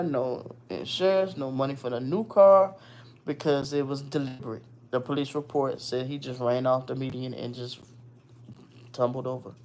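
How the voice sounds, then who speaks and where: A woman from Virginia hosting her show, casually telling a personal story in a blunt, animated, profane way. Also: extremely low pitch.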